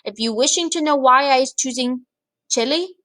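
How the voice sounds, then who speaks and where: A woman voicing a huge, greedy, bullying male giant who booms and shouts insults in a storybook reading. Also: normal speed, no room sound. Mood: gloating bully.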